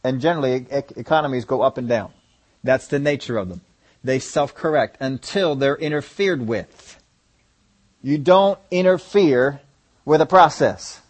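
A man preaching a sermon, asking the congregation rhetorical questions and driving his points home with emphasis. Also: a little high.

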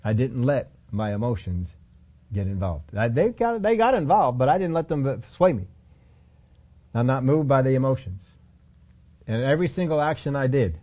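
A man's voice: mid-range voice, animated, moderate pace, dull audio. A middle-aged man preaching a sermon as pastor, emphatic, repeating phrases and acting out quotes.

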